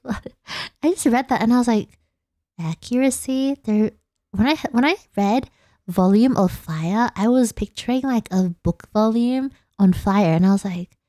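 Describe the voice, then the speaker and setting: A woman's voice: medium pitch, dark tone, no echo, clean studio sound. Giggly Australian woman streamer. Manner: giggly, rambling, self-deprecating. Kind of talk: casual late-night chat stream.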